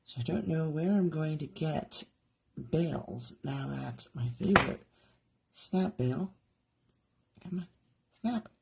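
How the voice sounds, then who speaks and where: A woman's voice: deep voice, measured pace, creaky, pauses often, heavy background noise. A woman doing a live craft demonstration from her studio, chatting and thinking aloud as she works. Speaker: jewelry artist demonstrating live. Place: home art studio.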